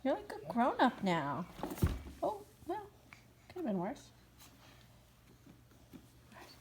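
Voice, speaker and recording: A woman's voice: sits high, wildly swooping pitch, slow, a little hiss or hum. A young mother filming a casual home video, talking in a panicky, nervous way with swearing and jittery laughter. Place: inside a house.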